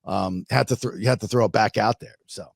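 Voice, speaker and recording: A middle-aged man hosting a podcast, telling a fishing story in a casual, animated way with many restarts. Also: lowish voice, brisk, creaky, slightly rough, no echo. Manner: animated, restarts a lot, acts out shark growls. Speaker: podcast host.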